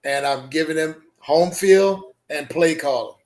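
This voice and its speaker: Dude on a sports talk stream, slightly high voice, calls his picks straight out. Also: a little slow, a little mellow, slight background noise. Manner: confident and direct with his picks. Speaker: co-host.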